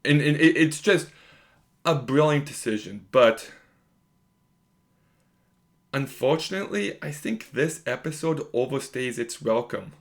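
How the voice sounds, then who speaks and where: A man's voice: mid-range voice, lively intonation, measured pace, pauses often. A young man giving a casual video review of a TV episode, talking emphatically with lots of filler words. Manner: emphatic, conversational, lots of "like" and "you know".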